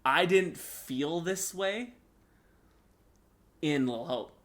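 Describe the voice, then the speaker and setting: A man's voice: fairly high pitch, lively intonation, slow pace, fairly bright tone. A young man co-hosting a casual gaming podcast, eagerly retelling game scenes in a rambling way with many fillers. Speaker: podcast co-host.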